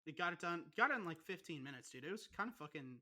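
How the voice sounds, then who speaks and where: A young man holds forth on a casual podcast, cursing in nearly every sentence as he builds a rant. His voice is bright and forward, and his delivery stays animated and aggrieved. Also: a little high, fast. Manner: swears constantly, ranting, animated. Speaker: podcast co-host.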